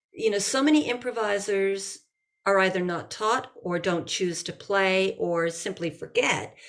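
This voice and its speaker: Woman reading aloud and explaining improv. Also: medium pitch. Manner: lively, acts out quoted lines. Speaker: improv teacher and author.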